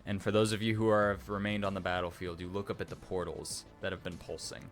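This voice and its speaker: A man's voice: sits low, level tone, fast, faint music behind. A man narrating a tabletop game as dungeon master, rambling loosely and making sound effects.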